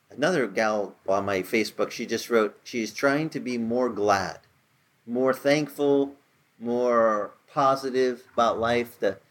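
A man's voice: mid-range voice, fairly bright tone. A man in his sixties preaching a casual, conversational sermon, telling stories with rising emphasis. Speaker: pastor.

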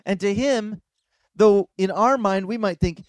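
A male pastor giving a conversational, animated sermon and acting out dialogues. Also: sits high, unhurried, clear, resonant tone, no room sound. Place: beach church service, outdoors.

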